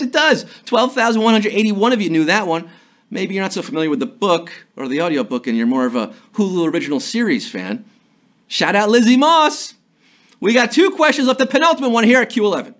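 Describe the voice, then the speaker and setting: A man's voice: sits high, a bit bright. A man hosting a live trivia game show, with jokey, hyped-up patter.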